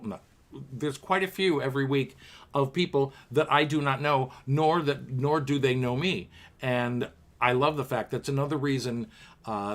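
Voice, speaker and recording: Singing show tunes at home in his apartment, this man hosts a livestreamed piano bar and reads viewers' comments aloud as he chats playfully with them. His voice sits in the mid range and sounds a bit bright.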